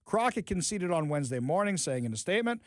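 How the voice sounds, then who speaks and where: A man's voice: high voice, very animated, fast, dry recording. Sarcastic man hosting political talk radio. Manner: sarcastic, mocking asides; reads news items aloud, then comments on them. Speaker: radio talk show host.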